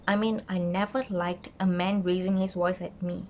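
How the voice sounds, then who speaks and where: A young woman, telling a dating story in a casual vlog and acting out the quotes with an animated, indignant manner. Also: on the low side, moderate pace, slight background noise. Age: young adult. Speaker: vlogger.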